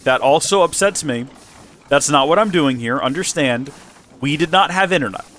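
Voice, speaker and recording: A man's voice: fairly high pitch, expressive, moderate pace, fairly bright tone, slight background noise. An American man hosting his channel, chatting casually in a rambling, self-correcting way with emphatic asides. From United States. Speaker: channel host. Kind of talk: casual vlog chat.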